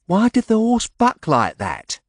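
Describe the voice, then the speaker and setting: A man voicing a distraught young servant woman with high, frantic cries, in an audiobook. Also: wildly swooping pitch, measured pace, no echo, studio quality, full character voice. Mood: alarmed.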